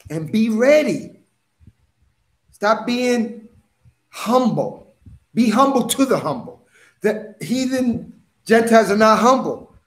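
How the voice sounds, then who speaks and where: Man preaching hard, goes loud then low, slightly high voice, echoey room. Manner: forceful, with sudden swings from loud to low. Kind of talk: impassioned preaching monologue.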